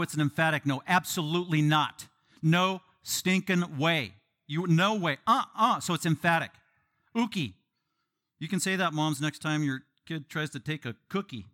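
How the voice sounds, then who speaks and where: Animated, emphatic male preacher. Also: a little high. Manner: animated, emphatic, joking asides. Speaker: pastor. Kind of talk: expository sermon.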